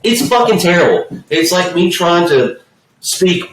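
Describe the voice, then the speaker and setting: A man's voice: sits high, measured pace. A man co-hosting a casual movie review podcast, ranting and swearing freely as he complains about the film. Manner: profane, ranting, animated complaining. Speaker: podcast co-host. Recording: roomy echo, distant mic.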